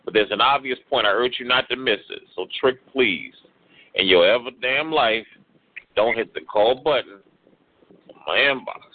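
A man's voice: mid-range voice, moderate pace. A man performing a rhyming spoken word poem with a rhythmic, exasperated delivery. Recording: tinny phone-like radio audio.

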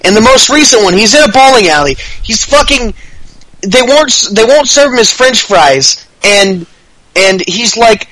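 A man on a podcast rambles through a story, laughing and swearing as he goes. His voice sits high and sounds bright and forceful. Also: animated, moderate pace, low-quality recording. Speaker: podcast co-host. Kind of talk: casual podcast chat.

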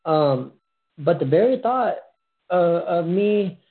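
A speaker answers in halting, hesitant conversation, full of "um" and "you know". The voice has a gravelly, creaky grain. It arrives over a thin, phone-like line. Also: mid-range voice, lively intonation. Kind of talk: casual conversation.

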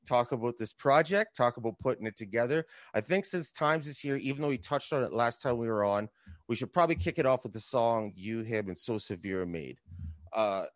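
A man's voice: medium pitch, dry recording. Upbeat podcast host man, dry close sound. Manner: upbeat, quick to laugh and chime in. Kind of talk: casual podcast chat.

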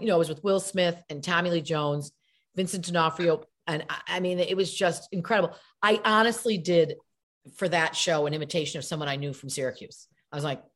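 A middle-aged woman, an actress and comedian, chatting as an interview guest and acting out quotes in voices. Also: fairly low pitch. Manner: animated storyteller, acts out quotes in voices.

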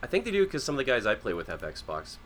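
A man's voice: medium pitch, fast. A middle-aged man co-hosting a casual podcast, reacting with frequent laughter. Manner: laughs often, lively reactions. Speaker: podcast co-host. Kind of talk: casual chat.

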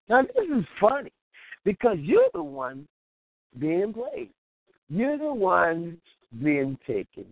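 A man hosts an internet radio show, riffing casually and laughing through his stories. His pitch swoops up and down as he acts out little scenes. The sound is tinny and dry, like a phone line. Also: wildly swooping pitch, slow pace, creaky, dry recording. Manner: laughs often, acts out scenes in quoted voices. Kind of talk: casual comedic monologue.

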